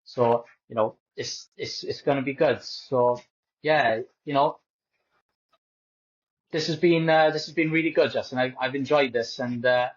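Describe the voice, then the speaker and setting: A man chats easily on a sports podcast, often pausing and filling gaps. His pitch is mid for a man, and the recording sounds dull and lo-fi. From Wales. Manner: easygoing, hesitant, many fillers. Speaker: podcast co-host. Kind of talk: casual sports podcast chat. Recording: dull lo-fi audio.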